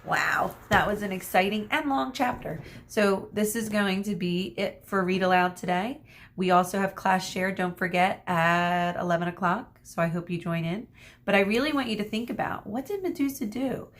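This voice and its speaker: A woman teacher reading a chapter book aloud to children, expressive, stopping for asides to her listeners. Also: medium pitch, moderate pace, a little hiss or hum.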